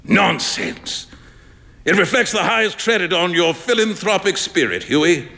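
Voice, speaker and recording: An actor playing a hearty, mocking male artist friend who laughs and teases loudly. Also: expressive, a little slow, gravelly, in a large hall, heavily acted. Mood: amused. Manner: booming, laughing, teasing.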